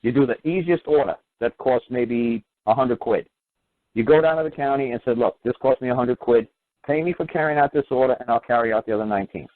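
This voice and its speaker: A male talk show host telling a long story in a casual way, acting out the other people's lines in animated quoted voices. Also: a little fast, no echo, phone-quality sound. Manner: animated, acts out quoted voices with rising pitch.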